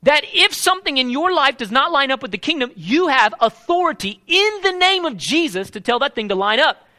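A pastor preaching a live sermon, animated and emphatic, often checking in with the congregation. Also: male voice, very high-pitched, a little fast.

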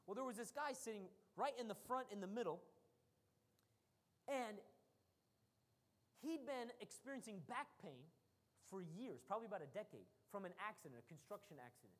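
A woman's voice: medium pitch, normal speed, pauses often. Female preacher, storytelling sermon delivery that swings to emphatic peaks, long hall reverb. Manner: animated storytelling, rising to emphatic bursts.

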